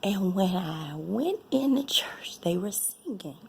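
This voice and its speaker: A woman tells an emotional personal story, slowly and deliberately. Her voice has a gravelly edge and keeps slipping into a breathy whisper as she repeats phrases. A faint hiss sits under the recording. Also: mid-range voice, animated. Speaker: vlogger sharing a personal testimony.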